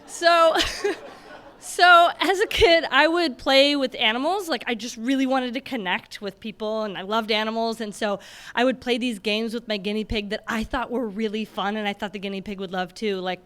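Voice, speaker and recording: Lively woman telling a story. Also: on the high side, moderate pace, clean tone. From Michigan, USA. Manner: animated, laughing often, acting out voices. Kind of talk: live stage storytelling. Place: stage before a live audience.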